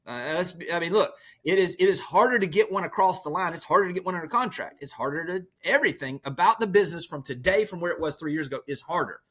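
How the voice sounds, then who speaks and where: A man, a podcast guest, speaking as an energetic motivational storyteller who leans on metaphors. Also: sits high, fast, hardly any pauses, breathy edge. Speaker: podcast guest, real estate leader. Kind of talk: motivational conversation.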